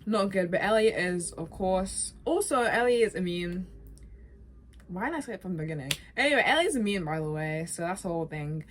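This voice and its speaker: A woman's voice: lowish voice, brisk, a little hiss or hum. A young woman vlogger chatting casually and rambling about a video game, often stopping to correct herself. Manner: rambling, self-correcting, animated. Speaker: gaming vlogger.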